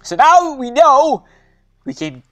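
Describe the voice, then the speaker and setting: A man narrating his gameplay at an unhurried pace, voice rising and dipping with lively swings. He is playful and chatty, breaking into cheers and sing-song calls over faint music. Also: very high-pitched. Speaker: gaming video host. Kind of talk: gameplay commentary.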